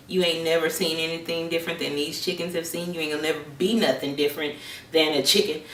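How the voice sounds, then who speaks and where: A woman's voice: fairly low pitch, fairly bright tone, lightly acted. Woman playing a blunt, belittling farmer. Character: dismissive bossy old male farmer. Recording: roomy echo, distant from mic.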